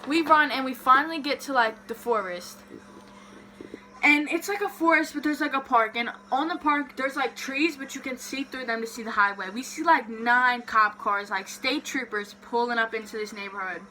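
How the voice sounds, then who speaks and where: Bright-voiced young woman telling a story. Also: sits high, moderate pace, a little hiss or hum. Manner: animated, swears freely, heavy filler "like". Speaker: vlogger. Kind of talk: casual storytime.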